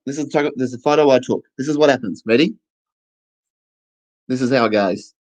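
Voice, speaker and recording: A man's voice: mid-range voice, low-quality recording. A man doing a stand-up comedy set to camera, chatty and playful, acting out little scenes.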